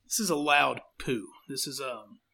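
A man's voice: mid-range voice, a little slow, gravelly, pushed and bright. A man telling a long rambling story in casual chat, acting out what people said. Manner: rambling, self-deprecating, acts out quotes.

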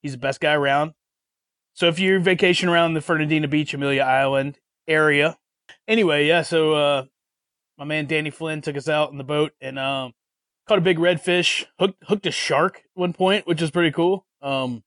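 Easygoing man with a slightly high voice. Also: fairly bright tone, no echo, studio quality. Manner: easygoing, low-key storyteller. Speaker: podcast co-host. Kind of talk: casual podcast chat.

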